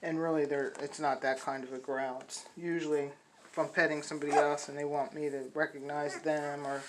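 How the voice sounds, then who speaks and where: A middle-aged woman with a low, deep-set voice talks to puppy buyers in a loose, rambling way, full of ums and restarts. She records on her phone, and a faint hiss of noise sits behind her. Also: flat delivery, fairly quick, rough recording. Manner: chatty, rambling with many fillers and restarts; high sing-song baby talk to the puppies. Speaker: dog breeder. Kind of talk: casual vlog to puppy buyers.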